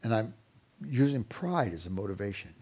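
A man's voice: fairly low pitch, normal speed, breathy edge. A middle-aged man speaking on Christian parenting in a sermon style, telling stories and acting out parents and children. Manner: animated storyteller, mimics parents and kids. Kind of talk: sermon-style talk with acted parent voices.

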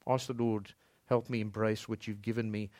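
A man preaching a sermon as pastor in a church, swinging between loud emphatic lines and soft low passages. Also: little pitch movement, normal speed, no echo.

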